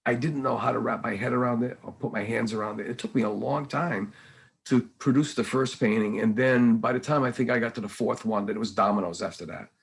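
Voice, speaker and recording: Gravelly older man telling rambling stories. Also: medium pitch, brisk. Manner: rambling, animated storytelling with many restarts. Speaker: painter and guest. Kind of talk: casual conversation.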